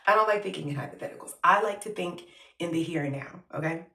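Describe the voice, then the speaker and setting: A woman with a bright, forceful voice talks bluntly and profanely, joking at her own expense through grief. She is recorded at home, and the room echoes around her. She stands a bit away from the mic. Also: on the low side, fast, vocal fry, far from the mic. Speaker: vlogger. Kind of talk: candid personal vlog. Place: her home, moving between rooms. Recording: roomy echo, off from the mic.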